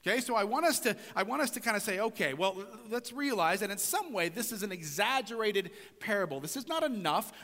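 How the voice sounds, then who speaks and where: A pastor delivers a conversational sermon, often tossing rhetorical questions to his listeners. This man's voice sits high and moves animatedly through a wide pitch range, and the sound trails off into the long reverb of a large hall. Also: sing-song, brisk, hardly any pauses, bright, forceful tone. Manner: conversational preaching with frequent rhetorical "right?".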